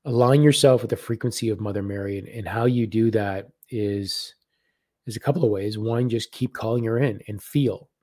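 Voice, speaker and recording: A man giving live spiritual readings on a stream, talking gently and haltingly and repeating words as messages come to him. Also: on the low side, no echo, studio quality.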